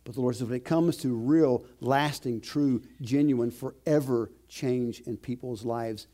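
A man preaching a sermon as pastor, slowing down and rising in pitch to stress key phrases. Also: warm tone. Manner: emphatic, slows and rises to stress key phrases.

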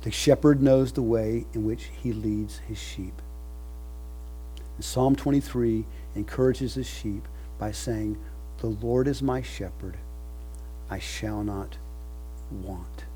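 A man preaching a sermon, building to loud emphatic peaks and falling soft at the ends of phrases. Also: lowish voice, slow, long pauses, soft background music, rough recording. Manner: leads congregation in recited scripture. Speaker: pastor.

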